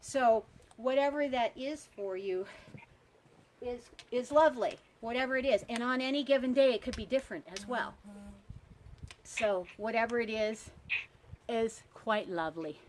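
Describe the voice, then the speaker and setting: A cheerful woman instructor talks students through hula hoop moves outdoors beside a pond. Her voice sits a touch high, and she chats in an encouraging way. A faint background hiss runs under her voice. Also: moderate pace, pauses often. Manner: upbeat, chatty, encouraging. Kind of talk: live online workshop teaching.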